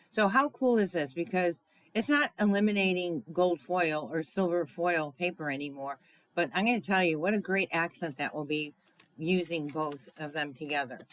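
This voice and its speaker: Slow-talking chatty woman crafter. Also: fairly low pitch, poor audio. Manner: chatty, thinks aloud with fillers and asides to viewers. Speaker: crafting demonstrator. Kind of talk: casual live craft demonstration.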